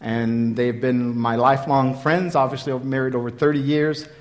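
A man in his fifties preaching a sermon, telling his own story in an earnest, repetitive way that swings from loud emphasis to quiet. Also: mid-range voice, steady tone, normal speed. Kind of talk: sermon with personal testimony.

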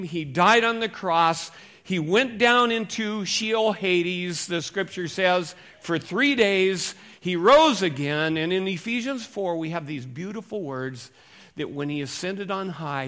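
Man preaching a conversational sermon. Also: on the high side. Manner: conversational, swings between loud emphasis and quiet asides. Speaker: pastor.

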